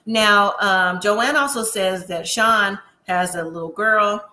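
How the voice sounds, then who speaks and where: A woman's voice: medium pitch, slow, bright, forceful tone. A woman from the US West Coast gives a chatty, sassy recap of a reality show and talks straight to her viewers. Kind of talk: casual recap commentary. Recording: echoey room.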